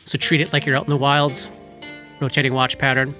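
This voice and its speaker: A game master narrating a tabletop horror game in a slow, dramatic storytelling manner. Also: mid-range voice, little pitch movement, pushed and bright, soft background music.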